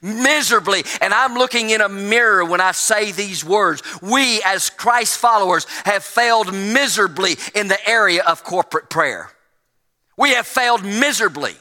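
A man preaching a sermon to his congregation, with a folksy preacherly manner, swinging between emphatic peaks and low, quiet stretches. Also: normal speed, big-room sound. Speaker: pastor.

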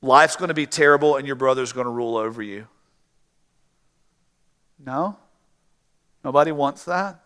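A man's voice: medium pitch, normal speed, long pauses, a bit bright, clear, resonant tone, big-room sound. A man preaching a sermon, reading scripture aloud and now and then acting out pleading characters. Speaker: pastor.

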